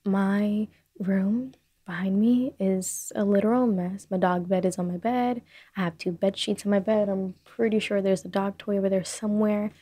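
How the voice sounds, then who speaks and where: A young woman hosting a casual solo podcast from her bedroom, rambling and self-deprecating, talking fast. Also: mid-range voice, steady tone, mellow, dry recording. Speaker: podcast host. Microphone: desk microphone on a short stand.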